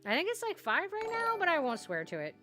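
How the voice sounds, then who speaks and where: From a home streaming setup, a chatty woman talks loosely with her viewers, laughing often and sprinkling in lots of "like"s. She speaks a little fast at an extremely high pitch with huge swings, music playing behind her.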